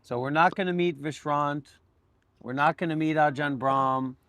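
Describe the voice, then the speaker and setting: A man's voice: on the high side, moderate pace, a bit bright, no room sound. A man hosting a casual live stream, playful and teasing, with lots of exclamations. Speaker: livestream host.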